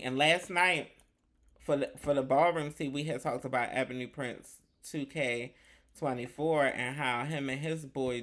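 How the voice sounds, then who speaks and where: Sassy gravelly-voiced male host. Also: mid-range voice, a bit bright. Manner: flamboyant, sassy, with lots of "honey" and "child"; talks to the chat. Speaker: livestream news host. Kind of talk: chatty live commentary.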